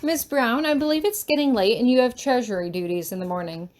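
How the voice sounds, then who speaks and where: A woman voicing a calm, firm female professor in a dramatic fan story reading, soothing and in charge. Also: fairly high pitch, fairly quick, close to an everyday voice. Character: stern but kindly female professor.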